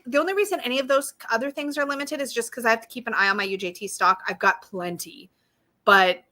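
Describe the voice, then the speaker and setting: A woman's voice: mid-range voice, sharp tone. A woman hosting a live stream in a bubbly, chatty way, greeting viewers by name and reading their comments aloud. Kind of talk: casual live-stream chat.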